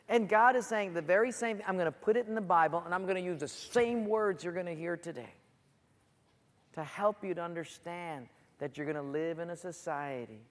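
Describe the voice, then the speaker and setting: A preacher delivers a sermon in a medium-pitched voice, acting out a Bible story with lively asides and sound effects. The voice carries a long reverb, as in a large church hall. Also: fairly quick.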